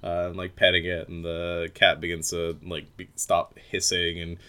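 A man narrating a tabletop game as game master, halting with many fillers and laughs. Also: low-pitched, monotone, bright, forceful tone, clean tone.

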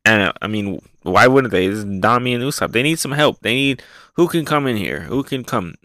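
A man hosting a casual, excitable, rambling review show, often repeating words as he talks. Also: mid-range voice, fairly quick, dry recording. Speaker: podcast host reviewing manga. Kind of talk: casual chat.

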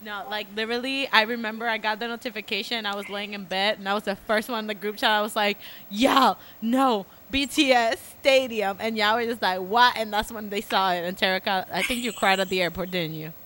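Playful young woman, bright voice. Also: mid-range voice, fairly even intonation, fast talker, hardly any pauses. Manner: playful, joking. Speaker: podcast co-host. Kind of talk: casual chat.

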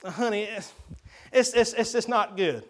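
A man's voice: sits high, moderate pace, a bit bright. A man in a sermon voicing a tired wife who whines and makes excuses. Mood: reluctant.

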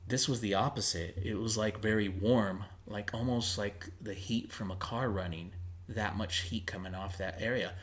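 A man with a somewhat low voice recounts an eerie experience in a relaxed, conversational way. He fills his story with casual fillers and acts out the lines of the people in it. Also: moderate pace. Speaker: paranormal investigator recounting a story.

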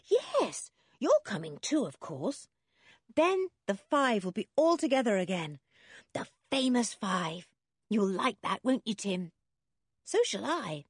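A woman's voice: mid-range voice, very animated, slow, husky, no echo, studio quality, pitched above the performer's own voice, heavily acted. A woman voicing an eager, boisterous tomboy girl in a storybook reading, bouncy and enthusiastic. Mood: excited.

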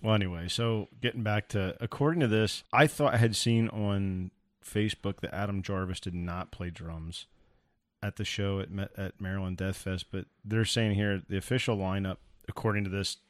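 A man's voice: on the low side, fairly even intonation, moderate pace, no echo, clean studio sound. A man co-hosting a podcast, talking bluntly and rambling with plenty of swearing. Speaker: podcast co-host. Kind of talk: casual chat.

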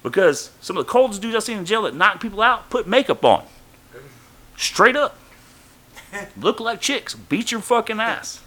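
A man whose voice sits high talks at a moderate pace, with long pauses, while telling a casual story on a podcast. Profane and animated, he swears freely and acts out what others said.

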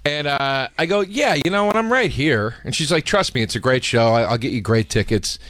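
Brief: man, podcast host, mid-pitched voice, swears freely, acts out quotes in his stories, dry booth sound. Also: brisk, dry recording. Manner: swearing, storytelling, animated quoting. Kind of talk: casual chat.

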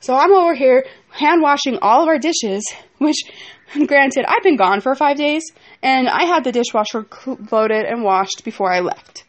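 A woman's voice: sits high, animated, moderate pace. A young woman venting in a rambling personal vlog about a fight at home, speaking with frustration. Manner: frustrated rambling storytelling with asides to her kids. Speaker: vlogger.

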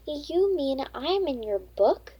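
A woman doing a gentle polite lost dragon. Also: high voice, big pitch swings, takes it slowly, dry recording, dull audio, voice pushed up, heavily acted. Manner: soft, sad and courteous.

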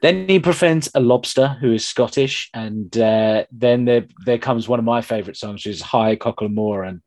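A man hosting a podcast, chatting casually and retelling childhood cartoons with animated enthusiasm. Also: medium pitch, normal speed, no room sound. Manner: animated retelling of old cartoons, often laughing. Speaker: podcast host.

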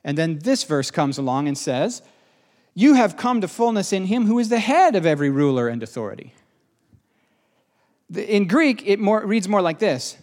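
A man's voice: sits high, very animated, normal speed, darkish tone. A man preaching a sermon as the pastor of his church, conversational and emphatic, asking rhetorical questions.

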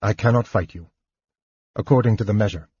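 A man voicing an earnest, honorable young knight who speaks in a measured, controlled way, on a muffled lo-fi recording. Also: fairly low pitch, a little mellow, husky, dry recording. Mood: restrained.

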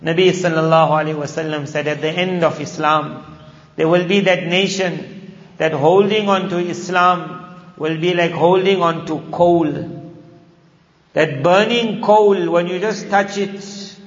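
A man's voice: on the high side, steady tone, a little slow. A man giving an emphatic sermon on Quran verses, repeating key phrases and switching between Arabic recitation and English explanation. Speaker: Islamic preacher. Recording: echoey hall, muffled sound.

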